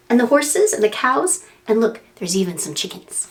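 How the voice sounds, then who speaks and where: With a slightly high voice at normal speed, a children's librarian reads a picture book to preschoolers. Her delivery is animated and sing-song, punctuated by animal and wind sound effects.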